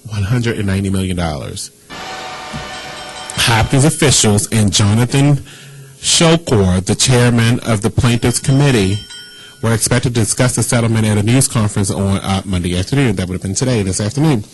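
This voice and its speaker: A man's voice: fairly low pitch, brisk, faint music behind, rough recording. A man hosting a casual internet radio show, reading news items and joking with a caller. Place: radio studio.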